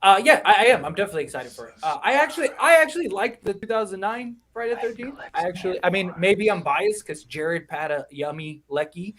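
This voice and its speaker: Male co-host, slightly higher voice, teasing livestream banter. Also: lively intonation, fairly quick, few pauses, fairly bright tone. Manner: joking, teasing.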